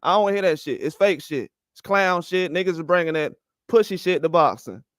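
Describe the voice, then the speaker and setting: A man's voice: high voice, brisk, fairly bright tone, no room sound, clean studio sound. A man ranting about boxing with heated, profane speech and repeated rhetorical questions. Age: older. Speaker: boxing commentary host. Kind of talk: heated opinion rant.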